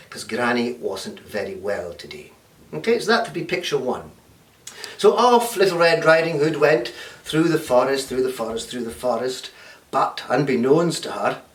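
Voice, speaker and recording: A man leads a storytelling class, his voice lively and swinging in pitch. He keeps checking in with the listeners as he goes. The sound is roomy and a little distant. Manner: animated, checks in with "okay?". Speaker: workshop teacher. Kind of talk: storytelling lesson.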